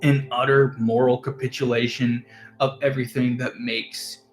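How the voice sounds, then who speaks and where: A man's voice: mid-range voice, flat delivery, normal speed. A man ranting in a casual, sarcastic, profane monologue as an online commentator. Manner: sarcastic, profane, swings between loud and mumbled. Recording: echoey room, faint music.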